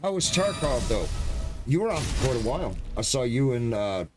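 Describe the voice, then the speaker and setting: A man's voice: medium pitch, very animated, normal speed, over loud music. A man from New York chatting casually and teasingly with a guest on a live game stream, easygoing and friendly. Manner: laid-back, friendly, teasing banter.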